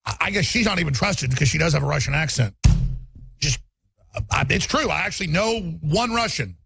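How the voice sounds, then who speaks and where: A male talk radio host giving rapid, mocking political commentary. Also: on the high side, animated, gravelly, sharp tone, a little hiss or hum.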